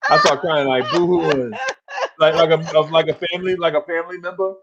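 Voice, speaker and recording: A man, co-hosting a podcast and telling an animated story in casual chat. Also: on the high side, fast, dull audio, a crowd in the background. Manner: animated storyteller, acts out voices, laughs along. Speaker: podcast co-host.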